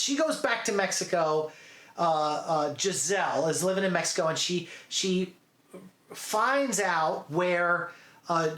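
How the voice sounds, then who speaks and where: A man giving a casual, animated movie recap, chatty and full of "dude" and "okay". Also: high-pitched, reverberant. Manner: animated storytelling, acts out quotes. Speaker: movie reviewer.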